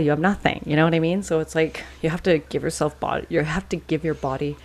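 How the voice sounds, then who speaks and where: A woman's voice: deep voice, fairly even intonation, fairly quick, a little mellow. A woman co-hosting a podcast in casual chat, earnest and affirming. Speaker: podcast co-host.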